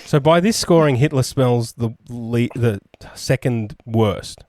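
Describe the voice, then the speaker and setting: A man's voice: mid-range voice, slow pace, darkish tone, no room sound, clean studio sound. A man co-hosting a podcast, trading crude, mocking jokes. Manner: mocking, insulting. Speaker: podcast co-host. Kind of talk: crude comedic banter.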